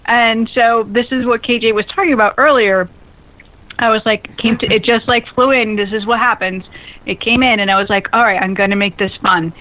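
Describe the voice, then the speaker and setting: A woman hosting a radio talk show in an excitable, bubbly way, often laughing at herself. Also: on the high side, moderate pace. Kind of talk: casual radio chat. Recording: lo-fi phone-like radio audio.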